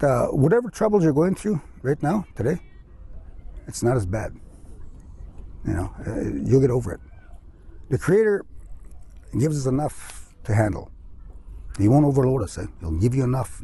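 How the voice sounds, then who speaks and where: A man's voice: medium pitch, dark tone. A middle-aged man giving a casual motivational talk, often tagging his sentences with "eh" and "you know". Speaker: speaker.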